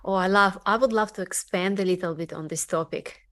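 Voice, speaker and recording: A woman with a Russian accent hosting a podcast interview, speaking haltingly with many fillers. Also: mid-range voice, fairly even intonation. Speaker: podcast host. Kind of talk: casual interview chat.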